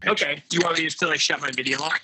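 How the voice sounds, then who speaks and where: A man's voice: fairly high pitch, fairly even intonation, very fast, bright, forceful tone. A man co-hosting a podcast from his phone over a laggy video call, flustered and laughing at his connection trouble. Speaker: podcast co-host.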